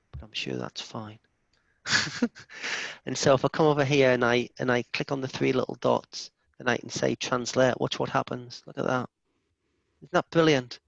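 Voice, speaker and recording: A man presenting a software demo in a live online session, enthusiastic and chatty, often restarting his sentences. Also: medium pitch, creaky, no room sound. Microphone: video call. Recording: dull lo-fi video call audio.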